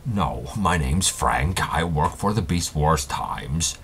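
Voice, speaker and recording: A man's voice: a bass voice, expressive, slow pace, gravelly, a bit bright, slight background noise, exaggerated voice. A man playing a theatrical robot warlord. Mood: sly. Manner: over-dramatic, theatrical, grandiose. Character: pompous scheming male robot warlord. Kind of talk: stop-motion comedy voice acting.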